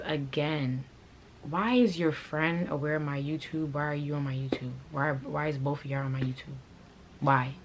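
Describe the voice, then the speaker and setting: A woman's voice: low voice, creaky, fairly bright tone, a little hiss or hum. A woman vlogger and clothing brand owner telling a storytime to camera in a blunt, profane, fired-up way. She comes from a Haitian family.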